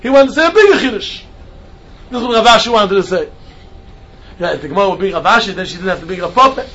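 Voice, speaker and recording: Man, very high voice, animated Talmud lecture, dull lo-fi recording, faint hiss. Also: fast talker. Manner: animated, mixes Yiddish and Hebrew terms into English. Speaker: Talmud teacher.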